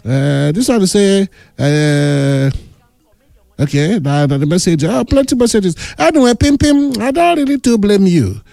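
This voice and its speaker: A man's voice: sits high, unhurried, creaky, no room sound, clean studio sound. A middle-aged man with a Nigerian accent, hosting a casual radio show, reading out listener messages with teasing asides. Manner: teasing, animated, mixes in Pidgin. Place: radio studio.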